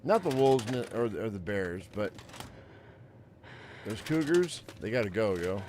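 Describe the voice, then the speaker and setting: Pitched fairly low and very animated, this streamer speaks at a measured pace with a darkish tone, a faint hiss or hum behind him. He's playing a game and chatting casually, swearing, repeating himself, and complaining about being angry.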